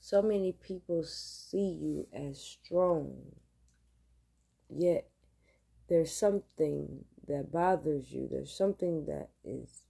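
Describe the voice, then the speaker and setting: A woman's voice: low voice, slow pace, vocal fry, warm tone, slightly rough. A woman hosting a podcast, telling a casual story straight to her listeners, chatty and laughing often. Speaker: podcast host.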